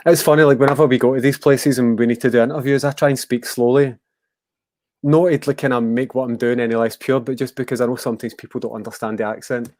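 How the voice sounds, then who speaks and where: A man's voice: medium pitch, fairly even intonation, quick pace, darkish tone, no echo. Man, West of Scotland accent, musician guest, rambling, hesitant fillers, dry close sound. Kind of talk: casual interview chat.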